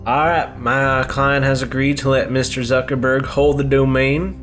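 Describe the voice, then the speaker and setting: A man's voice: medium pitch, flat delivery, normal speed, a bit bright, soft background music. Teasing improv comedian man.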